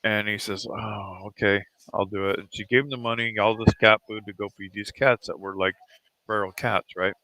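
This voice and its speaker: A man's voice: lowish voice, fairly even intonation, brisk, sharp tone. A man giving casual live commentary on a pool match in a pool hall, laid-back and chatty, drifting into rambling anecdotes with chuckles.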